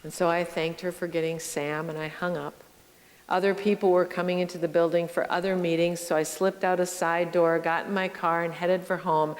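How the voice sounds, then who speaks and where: A middle-aged woman pastor giving a sermon, telling stories slowly and reflectively and speaking straight to her congregation. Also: lowish voice. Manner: slow, reflective storytelling with direct address to the congregation. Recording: long church reverb.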